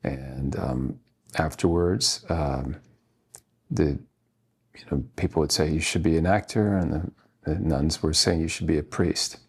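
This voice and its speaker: A deep, breathy-voiced man in his fifties, from Washington State, talks through memories as an interview guest. He speaks earnestly and haltingly, stopping often to gather his thoughts, his low voice carrying a grainy, husky edge. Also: steady tone. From Washington State, USA. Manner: halting, earnest, with many pauses. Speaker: actor guest. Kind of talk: reflective interview storytelling.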